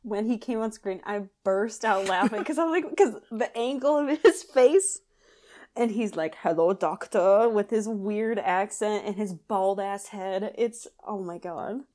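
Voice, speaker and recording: A woman's voice: mid-range voice, unhurried, darkish tone. A woman co-hosting a podcast, chatting casually about a movie, laughing often and talking in loose asides. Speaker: podcast co-host. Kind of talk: casual chat reviewing a movie.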